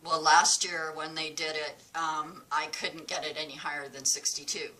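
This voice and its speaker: A woman's voice: low-pitched, level tone, normal speed, sharp tone, low-quality recording. A woman vlogger telling a casual, chatty story at home, acting out both sides of a conversation. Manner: chatty, retells dialogue with quoted voices. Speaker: crafting vlogger. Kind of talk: casual storytelling while crafting.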